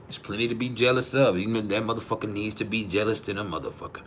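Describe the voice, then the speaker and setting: A man's voice: lowish voice, fast, a little hiss or hum. A man hosting a casual livestream from home, teasing his viewers with profane jokes and laughing often. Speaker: livestream host. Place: at home, refrigerator behind him.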